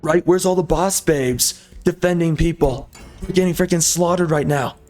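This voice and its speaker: A man's voice: a little high, normal speed, a little mellow, soft background music. A man from the United States ranting angrily over gameplay, firing off rhetorical questions and minced swear words. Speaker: gameplay video host.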